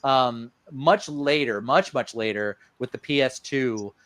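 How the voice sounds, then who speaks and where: A man co-hosts a casual podcast chat at a middle pitch, rambling and filling gaps with ums and uhs. His voice sounds dry and close, with little room sound around it. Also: measured pace, a bit bright, dry recording. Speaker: podcast co-host.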